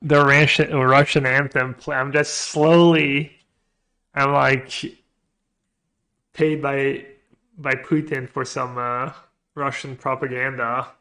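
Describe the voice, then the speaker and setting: Male streamer, mid pitch, mutters his plays aloud and cracks jokes with chat. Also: little pitch movement, takes it slowly. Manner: muttering, trailing off quietly; joking banter with chat. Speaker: streamer playing a card game. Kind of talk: thinking aloud while playing.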